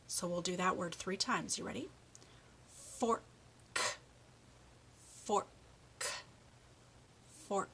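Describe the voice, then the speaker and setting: A middle-aged woman leads a children's speech lesson. She talks at a slow, deliberate pace and draws out each word ending. Her tone is bright and encouraging. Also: mid-range voice. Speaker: speech therapist.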